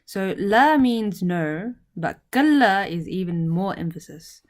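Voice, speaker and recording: A woman teaching Arabic grammar in English, speaking slowly and deliberately and repeating each word with its meaning. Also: medium pitch, lively intonation, darkish tone.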